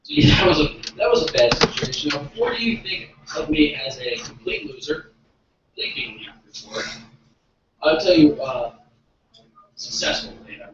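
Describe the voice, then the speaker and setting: A man's voice: a little high, animated, moderate pace, noisy background. A man telling awkward, self-deprecating stories in a stand-up routine, acting out what people said. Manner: self-deprecating, awkward storytelling with acted-out quotes. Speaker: stand-up comedian. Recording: echoey, dull recording from a distant mic.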